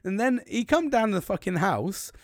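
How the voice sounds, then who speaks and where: A man's voice: sits high, sing-song, normal speed, no room sound, studio quality. Swearing British man telling a story. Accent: British English. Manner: rambling, heavy swearing, laughing asides. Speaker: podcast host. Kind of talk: casual storytelling.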